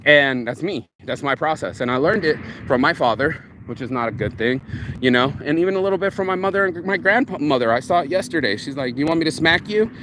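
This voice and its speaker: A man's voice: fairly high pitch, lively intonation, a little fast, noisy background. Rambling, cursing man musing aloud. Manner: rambling, profane, self-reflective. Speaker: vlogger. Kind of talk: casual reflective monologue.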